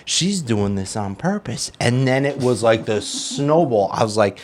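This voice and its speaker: A man's voice: mid-range voice, measured pace. A man in his thirties co-hosting a recovery podcast tells a story, swearing freely and acting out what people said. His voice sits in a middle range. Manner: animated, swearing, acts out quotes. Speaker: podcast co-host. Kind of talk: casual storytelling in recovery talk.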